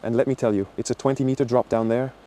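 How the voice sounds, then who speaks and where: A man narrating an exploration vlog as he guides viewers around, talking in an excitable, exclamatory way. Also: mid-range voice, fast talker. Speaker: urban explorer vlogger.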